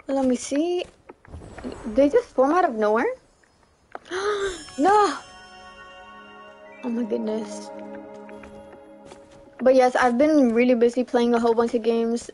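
A young woman chatting casually through a gameplay livestream, giggly and chatty, squealing when something excites her. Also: a little high. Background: faint game music.

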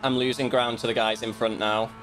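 A man's voice: mid-range voice, level tone, brisk, fairly bright tone, a little hiss or hum. Self-critical man commentating his own race. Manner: self-critical, muttering asides. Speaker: sim racing streamer. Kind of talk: casual commentary while racing.

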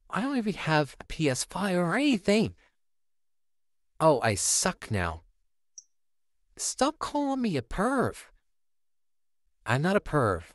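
In a home-made fan audio drama, a performer plays a male puppet neighbor babysitting a child, sarcastic and easily flustered. His pitch swings wildly while the delivery stays slow and drawn out. The home recording is close and dry, with no room sound.

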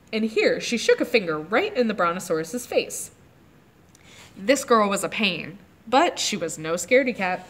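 A woman librarian reading a chapter book aloud to children, pausing to ask them about the pictures. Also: medium pitch. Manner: animated, asks the kids questions about the pictures. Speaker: librarian leading children's story time.

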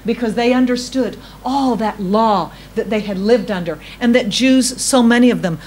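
A woman preaching from the pulpit in a fairly high voice. She repeats key phrases for emphasis, asks the congregation questions, and stretches her pauses slowly between phrases. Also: a little mellow. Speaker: pastor. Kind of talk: sermon.

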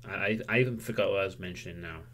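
A man's voice: low voice, very fast, bright, forceful tone. Frank, swearing streamer man. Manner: frank, self-critical, swears freely, loses his train of thought. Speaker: livestreamer. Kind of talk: candid livestream monologue.

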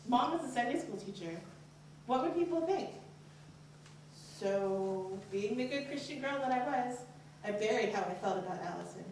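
A young woman tells a true story from a stage, speaking earnestly and frankly, her pitch leaping up whenever she voices her worried thoughts. Her voice sounds distant and bounces around a very reverberant hall. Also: lively intonation, moderate pace, darkish tone, slight background noise. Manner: earnest, candid, pitch rises sharply on anxious inner questions. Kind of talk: live personal storytelling. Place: college stage at a live showcase. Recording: very echoey hall, voice from far off.

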